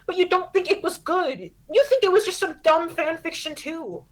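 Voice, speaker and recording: A woman's voice: extremely high pitch, expressive, normal speed, pitched above the performer's own voice, poor audio. A woman voicing an emotional teenage girl who pleads and gets defensive, as part of a tabletop role-play. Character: upset teenage girl obsessed with myths.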